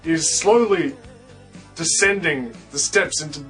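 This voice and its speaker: A man co-hosting a comedic review, grumbling in a mock-serious tone. His voice sits a bit high, with faint music running under it. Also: measured pace, fairly bright tone, poor audio. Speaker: co-host, film reviewer. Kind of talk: casual comedic chat.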